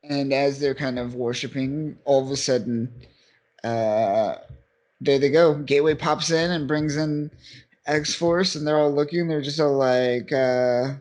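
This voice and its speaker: A man's voice: medium pitch, a little slow, darkish tone. Laid-back man recapping comics. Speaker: podcast co-host. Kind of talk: casual comic book chat.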